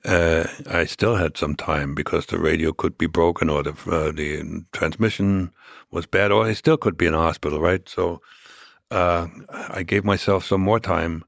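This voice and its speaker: Deep gravelly man recounting his story. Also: steady tone, no room sound, clean studio sound. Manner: measured, reflective recounting of events. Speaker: podcast guest. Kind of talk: conversational interview storytelling.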